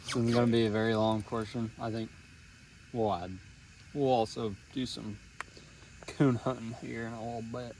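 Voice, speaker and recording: A man's voice: mid-range voice, little pitch movement, normal speed, long pauses, a little mellow, a little hiss or hum. A young man vlogging casually outdoors on a boat, upbeat and teasing. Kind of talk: casual outdoor vlog chat.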